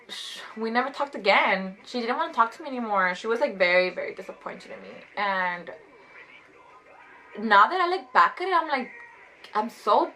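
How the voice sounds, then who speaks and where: A woman in her twenties telling a casual storytime vlog, chatty and animated, saying "like" constantly. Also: a little high, poor audio. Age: 20s. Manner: chatty, fast, heavy use of "like", animated retelling. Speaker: vlogger.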